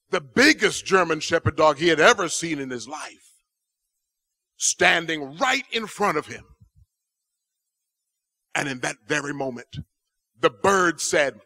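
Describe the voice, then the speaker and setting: A man telling a children's story at church with animated, expressive delivery. His voice is bright and fairly high for a man, with lively swings in pitch. He speaks slowly and deliberately. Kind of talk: children's sermon.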